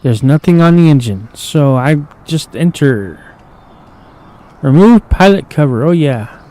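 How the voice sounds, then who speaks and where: A man's voice: on the high side, animated, unhurried, warm tone, low-quality recording. Profane frustrated man gaming with drawl. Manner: frustrated, profane, grumbling to himself. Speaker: gaming streamer. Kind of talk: casual gameplay commentary.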